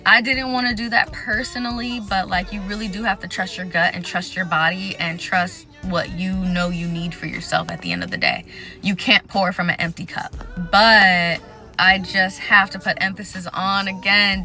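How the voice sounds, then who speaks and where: Young woman vlogger, crisp forceful tone, candid chatty delivery, soft music under the voice. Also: lowish voice. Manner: candid and chatty, lists things off quickly. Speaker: vlogger sharing exam advice. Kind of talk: casual talking-to-camera vlog.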